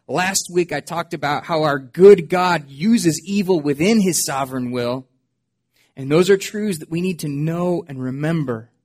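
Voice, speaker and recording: A man preaching a sermon to his church as pastor, earnest and expressive. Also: fairly high pitch. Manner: earnest, expressive preaching with dramatic quoted voices.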